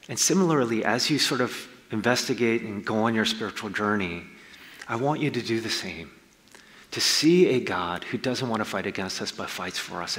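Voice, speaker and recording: A low-pitched man preaching a casual, story-driven sermon, his voice bright and forceful. Long reverb from a large hall trails every phrase. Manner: conversational, storytelling, slangy asides. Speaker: pastor.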